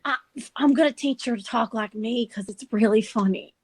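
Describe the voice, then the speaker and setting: High voiced woman teasing her friends, dry close mic. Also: moderate pace, husky, dry recording. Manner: playful, teasing. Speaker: tabletop game player. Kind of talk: casual tabletop role-play.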